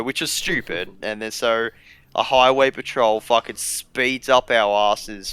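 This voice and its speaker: Bright sweary young Aussie bloke. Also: male voice, fairly low pitch, clear, resonant tone, dry recording. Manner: sweary, filler-heavy storytelling. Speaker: podcast co-host. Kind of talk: casual storytelling chat.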